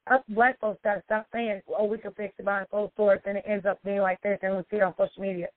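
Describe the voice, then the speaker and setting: A woman's voice: mid-range voice, level tone, quick pace, no echo. A woman life coach giving an emphatic, preachy self-help monologue and repeating her points for effect. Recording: tinny phone-like dry sound.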